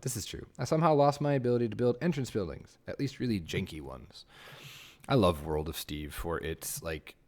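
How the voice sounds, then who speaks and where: A man streaming a building game, chatting casually with viewers and muttering to himself in a self-mocking way. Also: deep voice. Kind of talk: casual livestream chat while building.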